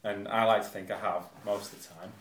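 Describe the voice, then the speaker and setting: A man co-hosting a podcast, lively and quick to mock, laughing often. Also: on the low side, slight background noise. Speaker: podcast co-host. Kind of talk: casual podcast banter. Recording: roomy echoey room.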